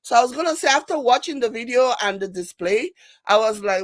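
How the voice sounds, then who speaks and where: A woman with a Nigerian accent hosting a casual commentary show, reading viewer comments and mocking them with animated, repetitive emphasis. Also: mid-range voice, fairly quick, no room sound. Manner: animated, laughing, mocking, repeats herself for emphasis. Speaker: commentary channel host.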